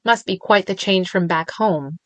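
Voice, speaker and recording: A woman voicing a controlled female ex-Navy SEAL, speaking low, even and direct. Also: unhurried, no echo, lightly acted. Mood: cold, level.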